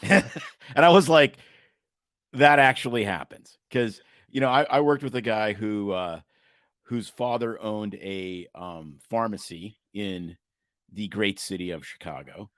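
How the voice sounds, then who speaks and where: Low-voiced host with rambling questions. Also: male voice, a little slow, a bit bright, no echo, clean studio sound. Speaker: podcast host. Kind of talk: interview conversation.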